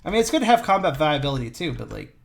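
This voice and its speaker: A man's voice: a little high, big pitch swings, racing, vocal fry. A man talks through his tabletop character's choices in loose, rambling casual chat. He corrects himself mid-sentence, chuckles often, and comes through a voice-chat microphone. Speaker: streamer and player. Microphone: push-to-talk voice chat mic.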